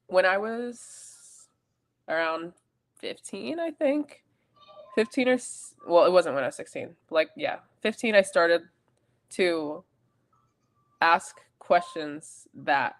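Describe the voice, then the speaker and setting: A young adult woman co-hosting a podcast, telling a personal story in a rambling, chatty way with self-corrections. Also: fairly low pitch. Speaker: podcast co-host. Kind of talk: casual chat.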